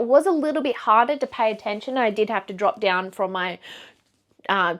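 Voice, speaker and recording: A woman's voice: a little high, fairly bright tone. A young woman talking casually about books she read, rambling with asides and fillers as she shows them to the camera. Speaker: book vlogger. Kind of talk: casual book review chat.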